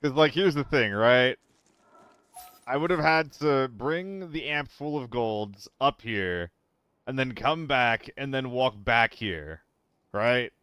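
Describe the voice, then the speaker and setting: A young man talks to his live-stream chat while he plays. His delivery is playful and self-mocking, with frequent laughs. His voice is clear and smooth, pitched in an ordinary male range. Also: lively intonation, slow pace, fairly bright tone, no echo. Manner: playful, apologetic, laughs often. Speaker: game streamer.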